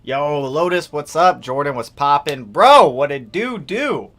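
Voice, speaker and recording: A man's voice: fairly high pitch, expressive, unhurried, fairly bright tone. Laid-back young man chatting on a live stream. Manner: laid-back, greets chat by name, reads comments aloud. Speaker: livestream host. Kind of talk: casual live stream chat reading viewer comments. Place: garage workshop, indoors.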